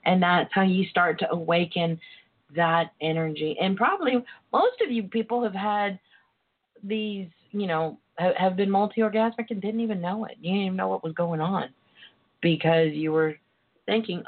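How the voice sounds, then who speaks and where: A woman's voice: medium pitch, normal speed. A woman guest on an interview show, talking in an earnest, emotional way and calling her listeners darlings. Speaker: guest author and sex educator. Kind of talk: casual call-in interview talk. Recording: tinny phone line.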